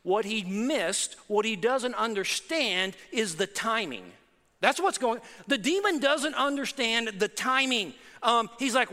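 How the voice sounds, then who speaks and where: A man's voice: very high voice, lively intonation, unhurried, pushed and bright. A man preaching a sermon as pastor, emphatic and conversational, repeating key phrases. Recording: preaching in a reverberant hall.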